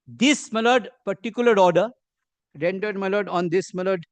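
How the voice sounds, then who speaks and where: A middle-aged man with an Indian English accent arguing before a court as an advocate, halting and constantly addressing the bench, with pointed rhetorical questions. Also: high voice, no room sound. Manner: halting, peppers every phrase with "my lord". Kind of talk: courtroom legal argument.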